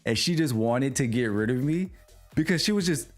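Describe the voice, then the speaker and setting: A young man with a middle-pitched voice, chatting to his livestream audience. He tells an exasperated story in a loose, animated way. Faint music plays underneath. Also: moderate pace. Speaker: livestream host. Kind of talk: casual storytelling to chat.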